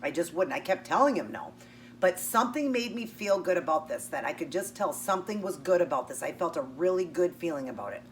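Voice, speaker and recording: A woman's voice: lowish voice, lively intonation, fairly quick. A woman vlogger chattily telling a personal story while eating, acting out both sides of the conversation. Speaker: keto vlogger. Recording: distant mic with faint hum.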